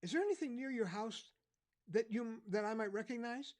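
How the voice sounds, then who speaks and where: A man's voice: extremely high pitch, normal speed, pitched above the performer's own voice. A man voicing a kindly police officer who stammers and fumbles while trying to help a child. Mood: coaxing. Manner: hesitant, stammering, gentle.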